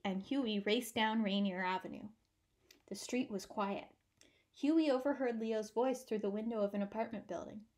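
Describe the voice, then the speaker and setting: A woman's voice: a little high, normal speed. Woman reading a children's picture book aloud. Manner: warm, expressive storytelling. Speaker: storybook reader.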